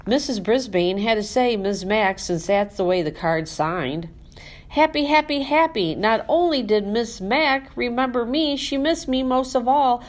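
A woman narrating a children's storybook in first person as a classroom pet, reading in an animated, expressive way. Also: fairly high pitch, unhurried, few pauses. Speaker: audiobook narrator.

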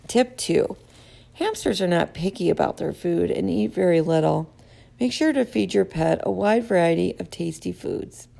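A woman narrating a children's story in a lively, expressive storybook reading. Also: lowish voice, creaky.

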